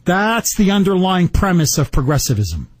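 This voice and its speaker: A man hosting a talk radio show, delivering an indignant, rapid-fire political monologue. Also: high voice, big pitch swings, no echo.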